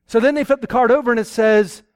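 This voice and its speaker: A man preaching a sermon to a live audience, lively and acting out little exchanges between husband and wife. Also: very high-pitched, fast talker, no room sound, clean studio sound.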